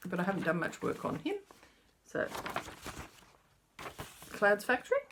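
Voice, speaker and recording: A woman's voice: medium pitch, very animated, unhurried, noisy background. A woman casually showing her cross-stitch projects in a chatty, rambling way that keeps correcting itself. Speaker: flosstube host.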